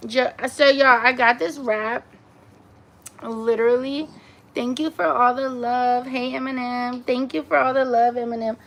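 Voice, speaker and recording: A woman's voice: on the high side, steady tone, unhurried. A woman hosting a casual live stream from home on her phone, chatting with viewers and cooing baby talk to her dog. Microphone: phone camera.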